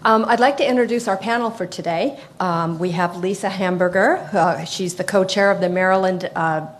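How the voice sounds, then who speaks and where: Halting older woman moderating a panel. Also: mid-range voice, a little hiss or hum. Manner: halting, many fillers. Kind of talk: conference panel introduction.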